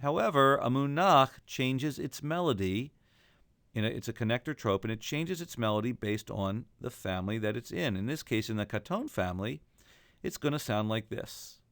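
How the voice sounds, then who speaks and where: A man teaching a recorded lesson, explaining calmly and then chanting the examples himself. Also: medium pitch, no echo, clean studio sound. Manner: alternates plain explanation with chanting. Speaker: cantillation teacher.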